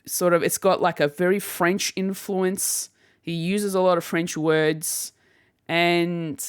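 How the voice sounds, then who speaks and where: A woman's voice: on the low side, clear, resonant tone, dry recording, studio quality. A woman hosting a podcast, chatting casually on her own, rambling with frequent restarts and bursts of laughter. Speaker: podcast host. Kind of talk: casual solo chat.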